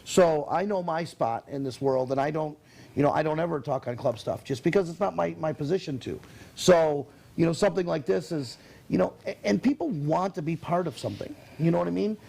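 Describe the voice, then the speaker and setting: A man hosting a casual talk show with a high, gravelly voice. He talks quickly and keeps the chat lively and conversational. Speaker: host.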